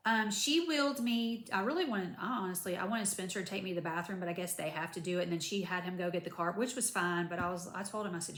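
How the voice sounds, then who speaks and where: A woman's voice: fairly low pitch, fast, few pauses, roomy sound. A woman, chatting casually to camera about her recovery after surgery, rambling with lots of asides. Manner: chatty, rambling, animated retelling with many asides. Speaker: vlogger.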